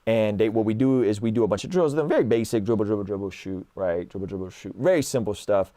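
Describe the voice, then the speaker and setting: Talking fast in a fairly low voice, this man in his thirties is a guest spinning animated stories, playing out the dialogue and often tossing in "like" and "right?". The conversation is casual and the recording dry.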